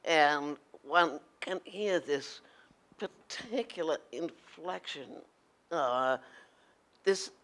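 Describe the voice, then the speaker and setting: A woman on an academic panel, speaking in a measured, deliberate way. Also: sits low, lively intonation, a bit bright. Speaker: panelist at a literary roundtable.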